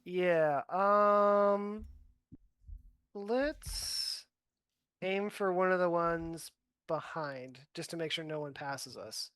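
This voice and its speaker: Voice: mid-range voice, very slow, fairly bright tone, smooth, dry recording, clean studio sound. A player in a tabletop game, chatting casually and easily about their moves.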